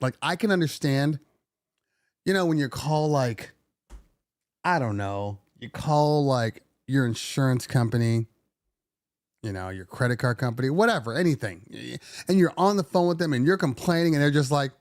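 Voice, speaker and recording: Hosting his laid-back DJ podcast livestream, a middle-aged man rants with energy and breaks into mocking impressions. He has a medium-pitched voice and a moderate pace, captured in clean studio sound with no echo.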